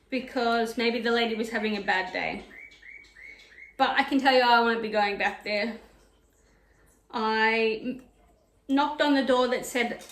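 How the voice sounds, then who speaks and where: A woman's voice: on the high side, fairly bright tone. A woman vlogging about knitting and sewing, telling a story in a chatty, digressive way while ironing at home. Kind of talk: casual chat. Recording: echoey room.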